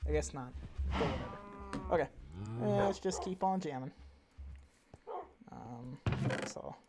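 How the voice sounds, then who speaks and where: Casual gamer commentary, rambling and chatty, mid pitch, noisy recording. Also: expressive, slow. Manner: rambling, chatty, talks to in-game animals. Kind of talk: casual let's-play commentary. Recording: audible background noise.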